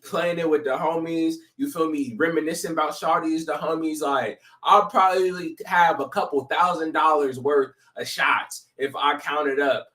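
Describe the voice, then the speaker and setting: A man around thirty with a fairly high, bright, forward voice, hosting a livestream. He reacts to songs in loose, slangy casual talk and often breaks in to argue with the lyrics. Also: normal speed, hardly any pauses. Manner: animated, slangy, talks back to the song. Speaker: livestream host reacting to music.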